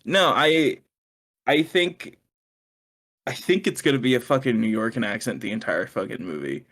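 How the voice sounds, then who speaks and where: A man co-hosting a podcast, chatting casually and excitably, swearing and laughing often. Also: medium pitch, normal speed. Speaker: podcast co-host. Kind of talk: casual chat.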